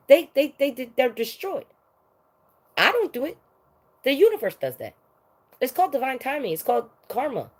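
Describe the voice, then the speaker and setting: A woman giving a heated, profane monologue rant, swinging between loud outbursts and low muttering. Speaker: vlogger.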